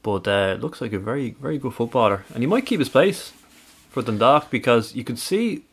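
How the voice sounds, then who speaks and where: A man's voice: mid-range voice, lively intonation, brisk, breathy edge. A man co-hosting a football podcast, his speech loose and filled with hesitations. He laughs easily and keeps the chat friendly and casual. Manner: chatty, laughs often, many fillers. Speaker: podcast co-host.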